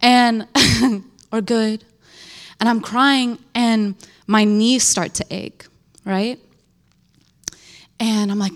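Slow, earnest woman sharing her testimony. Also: mid-range voice, fairly even intonation. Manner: earnest, halting, full of "like" and restarts. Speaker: churchgoer giving a testimony. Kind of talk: personal faith testimony.

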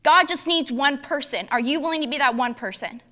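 A woman preacher teaching from scripture in a quick, conversational, humorous style. Her voice is high and bright, moving along at a brisk pace. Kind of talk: Bible teaching.

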